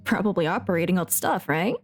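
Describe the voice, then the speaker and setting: A woman's voice: fairly low pitch, fast, faint music behind. A young woman streamer and voice actress chatting casually while playing a game, giggly and flustered, rambling. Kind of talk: casual live gameplay chat.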